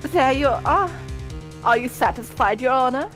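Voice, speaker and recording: A ditzy young nurse witness in a courtroom game, put on by a woman. The voice sits high and swoops in a lilting Valley Girl drawl, stretching its vowels. Music plays behind the read-along. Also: animated, measured pace. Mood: airy, sly. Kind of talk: reading game dialogue aloud.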